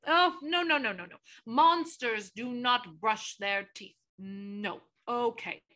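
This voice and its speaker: A woman playing a friendly three-eyed female monster who leads a children's theater class, talking slowly and playfully and counting out moves. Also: a little high, bright, forceful tone, reverberant.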